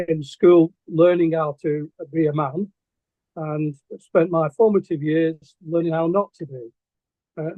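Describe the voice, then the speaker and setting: Lancashire guest, middle-aged man, higher voice, halting with ums, thin phone-like sound. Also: no room sound. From England. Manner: hesitant, many ums and restarts. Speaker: guest artist. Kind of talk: casual storytelling interview. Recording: tinny phone-like line, dry.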